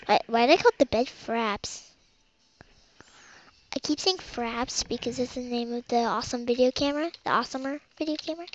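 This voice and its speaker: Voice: medium pitch, fairly quick. A child rambling through game commentary as host of their own let's play, with muttered asides. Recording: dull lo-fi home recording.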